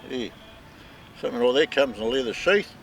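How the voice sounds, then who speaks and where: A man's voice: medium pitch, expressive, fairly quick, gravelly, a little hiss or hum. Chatty New Zealand man at camp. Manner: chatty, peppers talk with "mate" and "eh". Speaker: vlog co-host. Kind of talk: casual outdoor vlog chat. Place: outdoor campsite.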